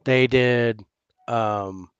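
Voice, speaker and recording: A man co-hosting a casual chat over drinks, talking in a halting way and repeating words as he thinks. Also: mid-range voice, steady tone, clean tone, no echo, highs cut off. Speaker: podcast co-host.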